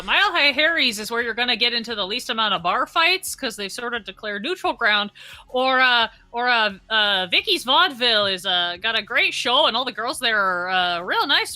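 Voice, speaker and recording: A woman's voice: fairly high pitch, bright, forceful tone. A woman voicing a chatty young female telegraph clerk who talks in a folksy way. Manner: folksy and talkative, says "don't you know".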